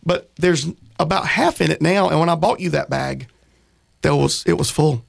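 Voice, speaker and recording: A man's voice: on the high side, normal speed, vocal fry. A man hosting a radio show, chatting and teasing his co-host in a playful way. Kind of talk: casual radio chat.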